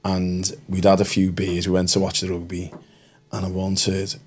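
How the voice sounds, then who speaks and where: A man's voice: low voice, monotone, moderate pace, breathy edge. A man co-hosting a podcast in casual chat, dropping dry, wisecracking asides. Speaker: podcast co-host.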